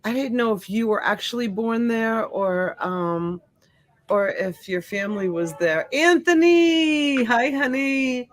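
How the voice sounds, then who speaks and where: A woman's voice: fairly high pitch, fairly even intonation, takes it slowly. A middle-aged woman, born in Sicily and raised in the US, hosting a casual livestream and greeting viewers by name. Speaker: livestream host. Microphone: desk USB mic.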